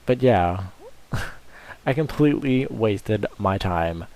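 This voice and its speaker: A man's voice: lowish voice, animated, slow, darkish tone, a little hiss or hum. A man giving rambling, crude, joking commentary over his video game playthrough. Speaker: gameplay commentator. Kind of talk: casual let's-play commentary.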